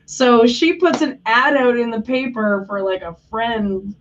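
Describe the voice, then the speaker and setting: A woman's voice: fairly high pitch, a little slow, a little hiss or hum. Chatty woman heard from a distance. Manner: chatty, swears, lots of "like" fillers. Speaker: co-host of a live stream. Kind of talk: casual chat. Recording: distant, dull lo-fi mic.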